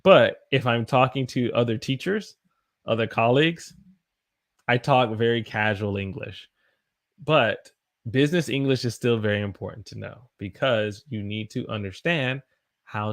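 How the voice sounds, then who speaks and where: A young American man, an English teacher, chatting on a live stream, animated and greeting his viewers by name. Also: fairly low pitch. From United States. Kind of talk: casual live-stream chat.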